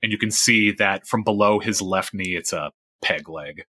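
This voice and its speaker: Guy running a tabletop game, bright edgy voice, kinda halting, low-ish pitch. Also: no echo. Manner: relaxed, halting narration. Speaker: game master.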